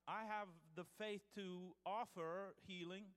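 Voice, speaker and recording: A man's voice: sits high, steady tone, measured pace, a bit bright, clean tone, in a large hall. A man preaching a sermon as pastor, reading scripture aloud with restarts and calling out to his congregation.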